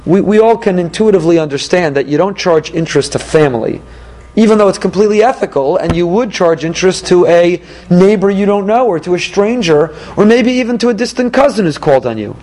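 A man, a rabbi, giving an emphatic Torah class with rhetorical questions and animated delivery. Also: sits high, fairly quick, low-quality recording.

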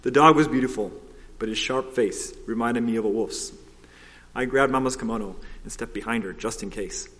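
A man narrating a children's story aloud, in a steady, expressive reading. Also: mid-range voice, normal speed. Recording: long hall reverb.

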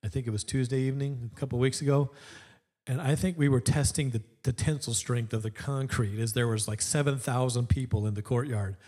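A man's voice: medium pitch, steady tone, brisk, dark tone. A man preaching a sermon to his church, telling a story in a conversational way. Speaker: pastor.

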